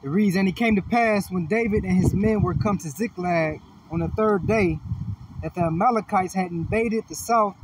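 Man, scripture reader, steady reading, high voice, faint noise. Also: moderate pace. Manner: steady reading, short affirmations. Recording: distant mic with light noise.

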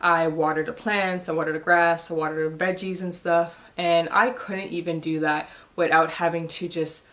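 A woman's voice: fairly low pitch, flat delivery, moderate pace, few pauses, fairly bright tone. A young woman chatting casually in a pregnancy update vlog, a little short of breath, with loose talk and many ums. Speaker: vlogger.

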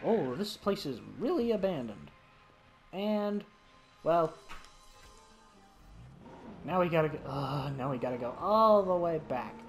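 A man's voice: a little high, very animated, slow, pauses often, faint music behind. A man giving let's play commentary who talks to the dinosaurs on screen and yelps and shrieks when startled. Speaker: gaming commentator.

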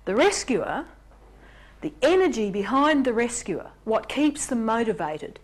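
Lively woman presenting a lecture. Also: fairly high pitch, unhurried, slightly rough. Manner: animated, acts out examples in character voices. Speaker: workshop presenter. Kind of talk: lecture on relationships.

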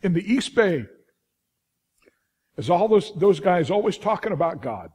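Here the pastor, a middle-aged man from California, sounds high-pitched and a little slow, with a breathy edge. His sermon unfolds as animated storytelling, broken by restarts and remarks aimed at the congregation.

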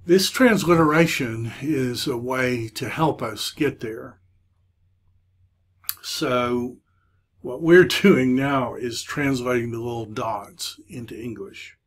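A man teaching a Hebrew class in a recorded lecture, talking hesitantly with frequent filler pauses. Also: medium pitch. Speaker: Hebrew instructor.

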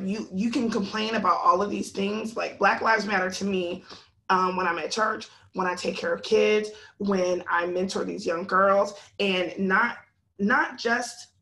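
Gravelly-voiced woman telling a lively story. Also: mid-range voice. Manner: animated storytelling with laughs. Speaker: podcast guest. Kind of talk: casual podcast conversation.

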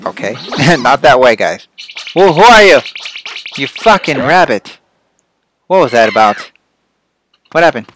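A man playing a platform game and commenting, often yelling and cursing at enemies, then calming down to chat with his viewers. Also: medium pitch, unhurried, pauses often, faint music behind. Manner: excitable, swearing, yelling at the game. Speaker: let's play host. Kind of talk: gameplay commentary.

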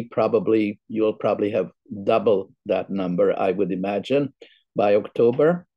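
An older man hosting an interview, speaking in a slow, measured way as he wraps up the show. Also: on the low side, dark tone, no room sound, muffled recording. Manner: slow, measured, spells things out. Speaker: podcast host. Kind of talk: interview host wrap-up.

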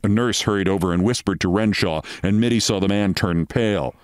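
Male host, story reading, low voice, measured and expressive. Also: clear, resonant tone, dry recording, clean studio sound.

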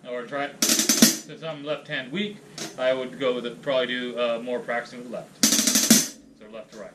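A man teaching a casual drum lesson, counting sticking patterns aloud and rambling in a relaxed way between exercises. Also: medium pitch, moderate pace, loud music behind the voice. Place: room with a drum kit. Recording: distant mic, loud drums. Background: loud drum kit playing.

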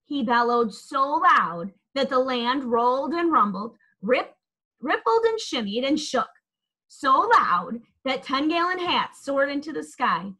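Woman reading a kids book slow and sing-songy, bright voice. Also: high-pitched, low-quality recording. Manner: expressive, lilting storytelling. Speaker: storyteller. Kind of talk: children's picture book read-aloud.

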